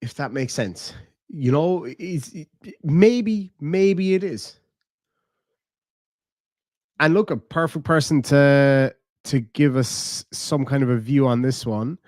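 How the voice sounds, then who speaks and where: Speaking slowly with frequent pauses, an Irish man runs a live stream and reads out his chat. His voice is a little high and a little mellow, captured dry at studio quality, and his replies are blunt, casual, full of swearing and frequent laughter.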